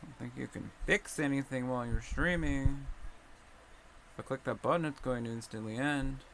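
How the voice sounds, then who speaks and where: A man's voice: mid-range voice, moderate pace, creaky, a bit bright, slight background noise. A young man streaming live, muttering anxiously to himself as he sorts through trading cards. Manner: mumbly, anxious, talking to himself while sorting cards. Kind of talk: casual live-stream chat.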